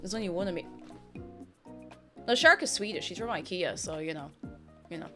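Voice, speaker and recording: A young Irish woman chats casually and animatedly on a live stream, greeting viewers by name, reading their messages aloud, and laughing a lot. Her voice is fairly low and brisk with frequent pauses, and faint music plays in the background.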